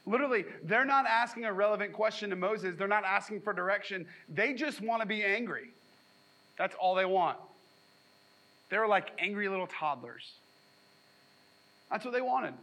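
A man's voice: high voice, lively intonation, normal speed, long pauses, bright, forceful tone, low-quality recording. A man preaching a sermon in a casual, jokey way, slipping into sarcastic voices when he quotes people. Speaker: pastor.

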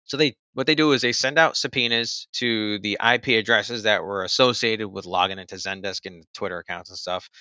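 A man's voice: on the low side, a little fast, few pauses, sharp tone, dry recording. A man casually recounting something that happened to him, in a loose conversational way full of fillers. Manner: loose and conversational, many fillers like "like" and "you know". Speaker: storyteller recounting own experience. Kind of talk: casual personal storytelling.

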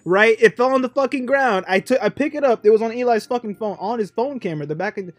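A young man co-hosting a podcast, telling animated stories and laughing often. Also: extremely high pitch, quick pace, no room sound. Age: young adult. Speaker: podcast co-host. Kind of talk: casual podcast banter.

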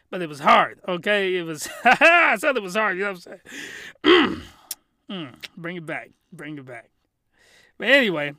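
A man's voice: high voice, pushed and bright, no echo, studio quality. A young man reviewing an anime in a rambling, hyped comedy vlog, full of crude jokes and restarts.

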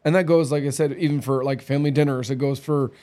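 A man's voice: medium pitch, fairly even intonation, quick pace, dark tone. A man in his thirties co-hosting a casual chat, telling candid stories with lots of acted quotes. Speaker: podcast co-host.

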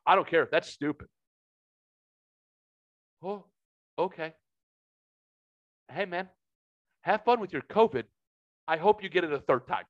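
A man's voice: a little high, expressive, unhurried, pauses often, no echo, muffled recording. A man telling a story in a casual podcast chat, profane and heated.

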